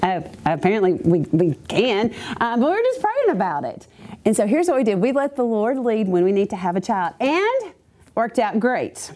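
Woman giving a church testimony, mellow voice, animated and chatty. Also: on the high side, normal speed. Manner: chatty, animated storytelling with asides. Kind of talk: personal testimony to a church congregation.

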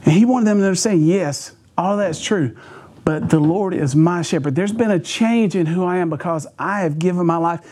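A man preaching a sermon, telling personal stories in an animated way, chuckling and restarting phrases. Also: sits high, normal speed, breathy edge. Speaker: pastor.

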